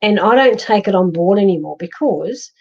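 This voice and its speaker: A woman's voice: mid-range voice, lively intonation, normal speed, darkish tone. Chatty Australian woman, lo-fi stream. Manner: chatty, reassuring, many ums and restarts. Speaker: psychic medium livestream host. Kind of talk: live-stream chat reading viewer comments.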